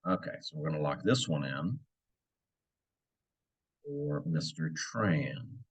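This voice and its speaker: A man's voice: extremely low pitch, big pitch swings, takes it slowly, husky. A man who works as a real estate agent, walking listeners through cold-calling habits in a coaching tone and checking in with frequent "right?" asides. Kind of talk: instructional walkthrough.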